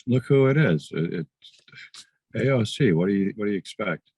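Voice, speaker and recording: A man's voice: on the low side, expressive, moderate pace, a little mellow, slightly rough, dry recording. A man in casual podcast chat, laughing often and agreeing with the host.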